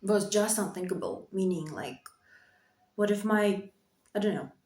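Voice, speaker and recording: A woman speaks to camera from her bedroom in an emotional, halting way, circling back over the same phrases. Her voice cracks now and then. The room gives her voice a noticeable echo. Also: mid-range voice, a little mellow. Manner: emotional, halting, repeats phrases, nervous laughs. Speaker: vlogger. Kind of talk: confessional talk to camera. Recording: echoey room.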